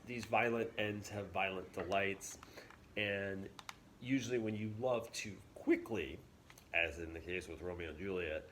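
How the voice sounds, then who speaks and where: Slow-talking, laid-back male teacher. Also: medium pitch, a little hiss or hum. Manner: relaxed, chatty, lots of fillers. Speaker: English teacher. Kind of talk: casual classroom video lesson.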